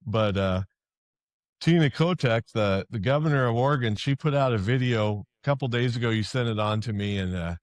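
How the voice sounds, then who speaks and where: A middle-aged man hosting a political talk show, often halting and restarting his sentences. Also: medium pitch, dry recording. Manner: hesitant, stammering restarts. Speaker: host.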